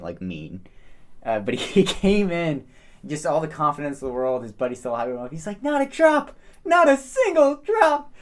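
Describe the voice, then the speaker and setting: A podcast co-host in casual chat, telling loose, profane stories and laughing through them. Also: mid-range voice.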